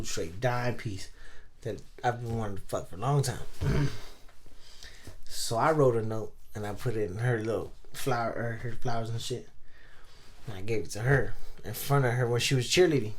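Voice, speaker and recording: A man's voice: medium pitch, normal speed, slight background noise. A young man on a podcast telling a long story in slangy, profane, rambling chat full of fillers. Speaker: podcast co-host.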